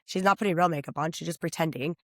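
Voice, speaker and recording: A woman in her thirties, a personal stylist guest on a podcast, talking in an upbeat, chatty way and acting out quotes in higher voices. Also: quick pace, no echo, studio quality. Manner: enthusiastic, chatty, acts out quotes with high-pitched voices.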